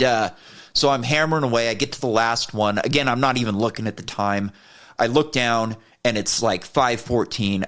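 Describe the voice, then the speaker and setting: A man co-hosting a podcast, telling a heated personal story in a casual, profane way and getting animated when he quotes himself. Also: mid-range voice. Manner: profane, heated retelling of an argument. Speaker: podcast co-host.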